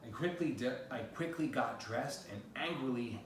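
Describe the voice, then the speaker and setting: A man from the United States reads memoir excerpts of his own in plain first person, with lively intonation, a moderate pace, and hardly any pauses. His medium-pitched voice sounds far off in a very echoey room, with faint noise.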